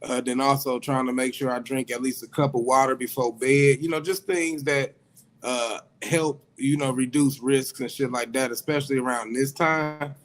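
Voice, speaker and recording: A man's voice: mid-range voice, fairly even intonation, moderate pace. Easygoing Midwestern co-host man. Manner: easygoing, explains things steadily. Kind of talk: casual radio chat.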